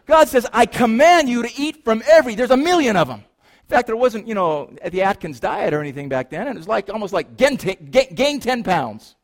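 A man preaching a sermon to a congregation, playful and animated, moving between hushed, slow lines and loud, excited ones. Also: high voice. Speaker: pastor.

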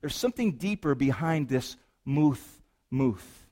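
With a medium-pitched voice, a pastor gives a playful, animated sermon to the congregation, alternating hushed, slow passages with loud, excited bursts.

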